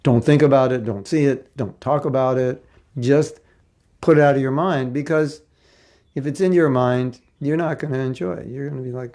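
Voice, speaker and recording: A man's voice: medium pitch, normal speed, a little mellow. A man giving a spiritual lecture class in a conversational way, asking rhetorical questions and acting out quotes. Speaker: spiritual teacher.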